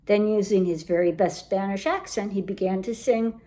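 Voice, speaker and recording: Lady reading a kids book out loud, lively and expressive. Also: mid-range voice, normal speed, few pauses. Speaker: children's story reader. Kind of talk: reading a picture book aloud.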